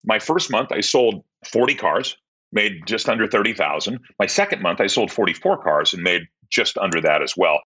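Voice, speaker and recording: A man in his sixties from the Pacific Northwest, a podcast guest telling a long story in a casual, animated way and acting out the quoted dialogue. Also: lowish voice, normal speed, slightly rough, rough recording.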